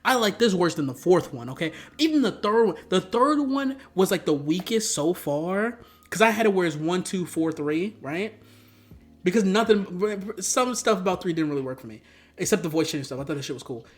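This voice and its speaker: Ranting casually about movies, this man swears heavily, wanders off topic, and breaks into abrupt loud outbursts. His voice is high-pitched with lively intonation at a normal speed.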